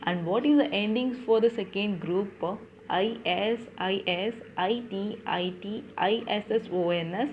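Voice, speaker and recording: A woman's voice: medium pitch, unhurried, hardly any pauses, lo-fi sound, slight background noise. Woman teacher spelling out verb endings. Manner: spells letters aloud and asks then answers its own questions. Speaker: French teacher. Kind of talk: classroom lesson.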